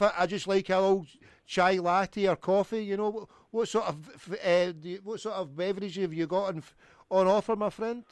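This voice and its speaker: Rambling prank caller, high voice. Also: male voice, clear, resonant tone, no echo. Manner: rambling, mock-pompous, deadpan absurd. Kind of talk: prank phone call.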